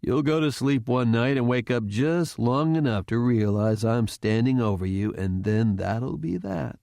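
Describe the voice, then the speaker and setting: A man voicing a furious retired general who speaks in a low, cold, threatening way. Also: unhurried, gravelly, warm tone, dry recording, studio quality. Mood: menacing.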